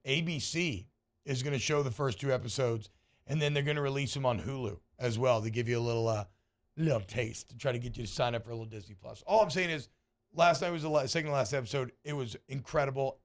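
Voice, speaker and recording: A man hosting a sports radio show, chatting casually and enthusiastically with restarts. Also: medium pitch.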